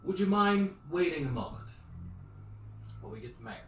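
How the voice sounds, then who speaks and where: A man doing a loud, high-voiced gate guard. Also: sing-song, normal speed. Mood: alert, polite. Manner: loud, raised, higher voice. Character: male town gate guard, wary but polite. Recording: roomy echo, distant mic, faint noise.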